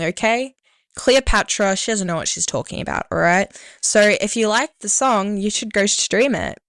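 A woman's voice: on the low side, a bit bright, dry recording, studio quality. A young Australian woman hosting a radio show, talking casually in a rambling, self-deprecating way. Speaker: community radio host.

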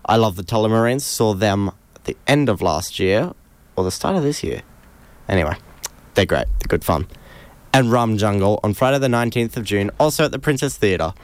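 A man with a low, smooth voice runs through the week's gigs on community radio. He talks in a relaxed, easygoing way. The studio sound is close and dry. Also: no room sound. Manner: relaxed, unhurried listing of dates. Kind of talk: casual radio gig guide. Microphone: studio microphone.

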